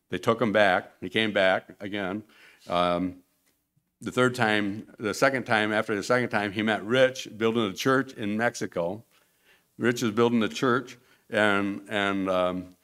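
A man's voice: on the low side, fairly bright tone. A man giving a rambling, informal mission report to a church congregation, acting out the quotes in his stories. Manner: rambling storyteller, acts out quotes. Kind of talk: informal slideshow talk to a congregation. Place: church sanctuary.

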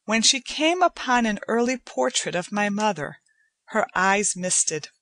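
A woman narrating a short story in a measured, unhurried storytelling manner. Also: medium pitch, expressive, fairly bright tone, dry recording. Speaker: audiobook narrator. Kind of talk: scripted narration.

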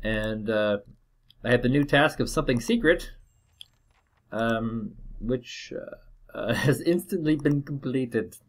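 A man's voice: mid-range voice, slow. A young man hosting casual game commentary, laid-back and rambling with many fillers. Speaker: gaming channel host.

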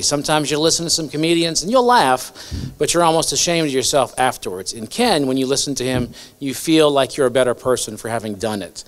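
A man giving earnest, grateful closing remarks at a luncheon in a banquet hall. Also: on the high side. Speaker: event host.

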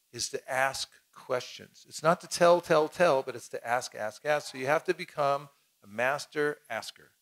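A man teaching a lively seminar to an audience, acting out short dialogues and having the crowd repeat lines after him. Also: fairly high pitch. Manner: animated, acts out little dialogues, leads the crowd in repeating. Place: cultural center hall with audience.

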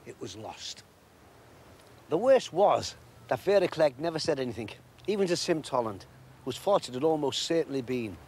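A man reading a storybook aloud in an expressive, measured way. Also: mid-range voice, breathy edge.

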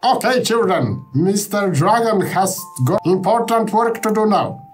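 A man voicing a gentle dragon who reads stories to daycare children, in a soothing, patient storyteller tone, with game music behind him. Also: high voice, lively intonation, unhurried.

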